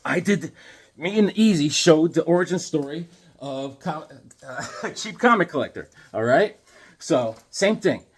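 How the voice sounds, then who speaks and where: Husky, rambling man telling comic stories. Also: fairly high pitch, measured pace. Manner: rambling, animated, lots of fillers and restarts. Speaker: comic book channel host. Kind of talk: casual storytelling vlog.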